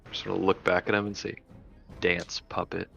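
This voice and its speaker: A man playing in a tabletop game, joking, swearing and excitable. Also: sits low, very fast, creaky, highs cut off, soft background music. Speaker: player. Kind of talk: casual tabletop play.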